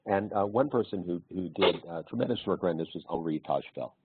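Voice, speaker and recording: A man's voice: deep voice, animated, fast, a little hiss or hum. A man presenting a webinar as an author, telling anecdotes in a conversational way over a video call. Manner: anecdotal, storytelling. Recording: narrow phone-like webinar audio.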